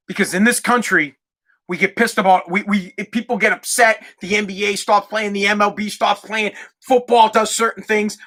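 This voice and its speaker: A man hosting a podcast, delivering an angry, profane solo rant that repeats itself and breaks into shouting. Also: high voice. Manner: heated, profane, repeats himself, shouts at times. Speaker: podcast host.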